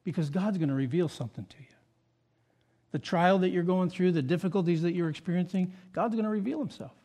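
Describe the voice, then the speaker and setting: A pastor delivering a sermon, moving between loud, emphatic points and quiet, reflective asides. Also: male voice, high voice, fast talker.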